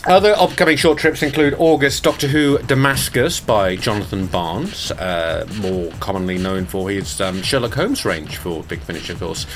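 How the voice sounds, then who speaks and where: A man's voice: lowish voice, moderate pace, few pauses, a bit bright, faint music behind. An Irish man in casual podcast chat, reading out the news in a distracted, self-mocking way, stumbling over names. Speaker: sound designer reading the news.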